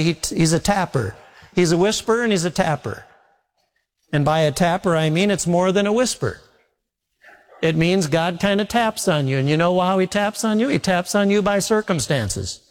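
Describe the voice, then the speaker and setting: A pastor preaching a sermon in a fairly high voice, telling homespun stories with a touch of humor. His voice carries a long reverb, as if recorded in a large hall.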